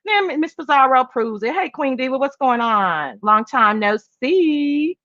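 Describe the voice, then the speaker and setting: A woman hosting a casual livestream chat and reading viewer comments. She talks in an animated, emphatic, sassy way, swinging between high exclamations and low asides. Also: measured pace, dry recording, muffled recording. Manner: sassy, talks straight to viewers as "girl" and "child". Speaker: livestream host.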